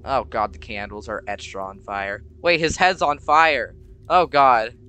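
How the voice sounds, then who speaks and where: A young man chatting casually through a horror game, jumpy and prone to sudden shouts. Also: mid-range voice, animated, a little slow, clear, resonant tone. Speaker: gamer. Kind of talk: casual gameplay commentary.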